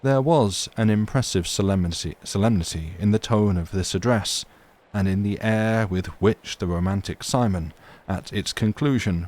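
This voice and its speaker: A man reading a classic story aloud on a livestream, steady and measured. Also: low voice. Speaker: reader of classic fiction.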